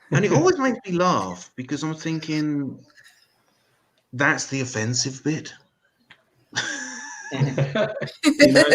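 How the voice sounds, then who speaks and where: An English man hosting a stand-up comedy show, talking to the audience with sarcastic, swearing asides and deadpan jokes, on a stage mic in a live venue. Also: medium pitch, low-quality recording.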